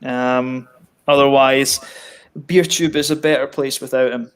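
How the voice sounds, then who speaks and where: A man's voice: mid-range voice, flat delivery, a little slow, smooth. A man hosting a casual livestream from his home, bantering and swearing and reading out viewer messages. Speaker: livestream host. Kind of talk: casual chat. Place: home, living in Sweden.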